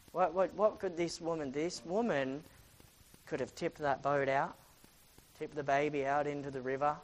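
A preacher teaching from a Bible passage, reading scripture aloud and retelling it dramatically with many rhetorical questions, often swinging between loud and hushed. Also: medium pitch, low-quality recording.

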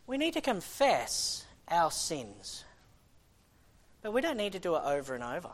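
A man's voice: high voice, big pitch swings, a little slow. A man preaching a sermon in an impassioned, conversational way, often restarting his sentences.

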